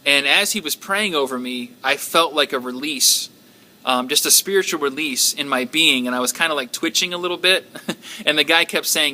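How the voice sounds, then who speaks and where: Guy telling his prayer group a testimony, really bright tense voice, halting, lots of ums. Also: on the high side. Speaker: church member sharing a testimony.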